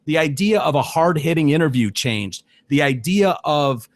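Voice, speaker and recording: A man's voice: on the high side, lively intonation, normal speed, no echo. A man co-hosting a podcast, chatting bluntly about sports and TV, often swearing and ranting. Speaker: podcast co-host. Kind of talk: casual sports chat.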